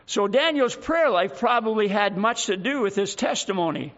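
A man's voice: high voice, lively intonation, moderate pace, fairly bright tone. A man preaching a sermon, pressing his point with repeated rhetorical questions. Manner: emphatic, repetitive rhetorical questions. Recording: dull lo-fi recording.

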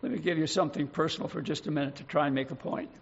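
An older man preaching a sermon, slow and emphatic, lingering on single words. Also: fairly high pitch, vocal fry, husky, muffled recording.

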